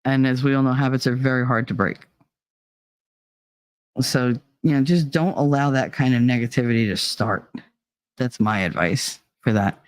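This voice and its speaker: A woman's voice: sits low, darkish tone, no echo. A woman in her thirties chatting casually on her channel at home, blunt and profane, laughing often. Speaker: channel host. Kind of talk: casual chat. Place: home room with heater.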